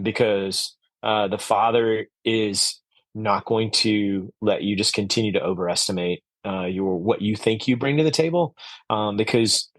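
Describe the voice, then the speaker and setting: Fairly low-pitched yet a bit bright, this man's voice is recorded without echo. As an orchard owner guesting on a podcast, he talks in an earnest, reflective, conversational way, with frequent fillers and false starts.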